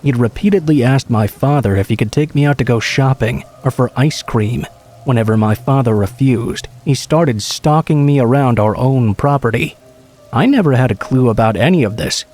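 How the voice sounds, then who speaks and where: A man calmly reading true horror stories aloud as a scripted narration. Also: medium pitch, normal speed.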